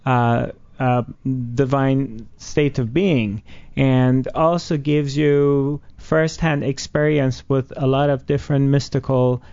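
Male guest healer, steady and unhurried, mid-range voice, muffled radio sound. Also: mid-range voice, vocal fry, smooth. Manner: calm, measured, explaining. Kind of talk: explanatory interview answers.

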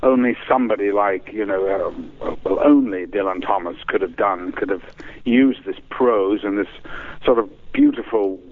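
A man's voice: fairly low pitch, moderate pace. A man from England, a guest chatting in a radio interview, rambling and hesitant as he tells stories. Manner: rambling, hesitant, warm storyteller. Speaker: guest performer. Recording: tinny phone line.

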